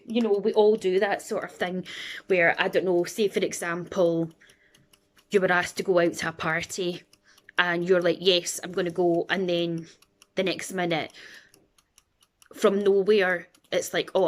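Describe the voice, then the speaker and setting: A Scottish woman in her thirties, rambling in a casual chat and acting out the voices of people in her stories. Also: on the low side. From Scotland. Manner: chatty and rambling, acts out quoted voices. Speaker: vlogger.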